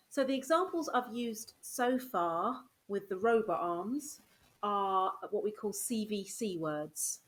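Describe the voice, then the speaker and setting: A woman primary school teacher, patiently explaining a phonics game to parents and sounding out words slowly. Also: medium pitch, lively intonation.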